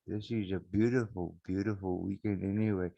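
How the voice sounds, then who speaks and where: A South African man hosting a solo podcast, rambling and mocking, with sudden loud outbursts and laughs, on a backup microphone. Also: sits low, steady tone, normal speed, creaky, no room sound, highs cut off. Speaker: podcast host.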